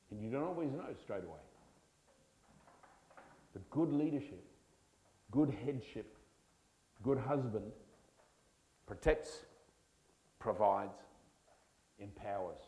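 A man's voice: mid-range voice, a little mellow, poor audio. Emphatic male preacher. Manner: emphatic, drawn-out key words. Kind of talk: sermon.

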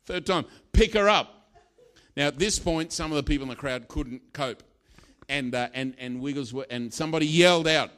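Animated male preacher telling a story. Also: medium pitch, fairly quick. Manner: storytelling, animated, acts out quotes with sudden loud bursts. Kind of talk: sermon.

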